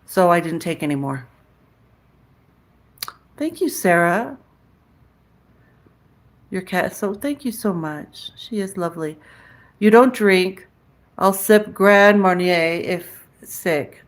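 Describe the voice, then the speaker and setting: Slow, chatty livestream woman. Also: on the low side. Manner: chatty, reads and answers viewer comments aloud; frank, cusses casually. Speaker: livestream host chatting with viewers. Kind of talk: casual live-chat talk.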